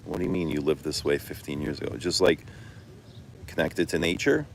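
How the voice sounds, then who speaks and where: Deep-voiced swearing middle-aged man. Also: a little fast, gravelly, slight background noise, low-quality recording. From Canada. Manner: swears freely, laughs, animated storytelling. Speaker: fragrance vlogger. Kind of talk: casual livestream chat answering comments.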